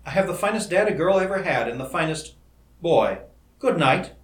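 A man's voice: fairly high pitch, expressive, moderate pace, voice pushed up, close to an everyday voice. Affectionate young woman, man reading the role, fond lilt, echoey room. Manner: fond and sweet. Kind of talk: audiobook character reading. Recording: roomy echo.

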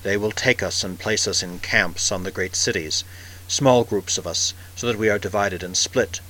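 A man reading the part of an old male alien tribal elder, speaking slowly in a heavy, distant voice. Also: lowish voice, bright, forceful tone. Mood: sorrowful.

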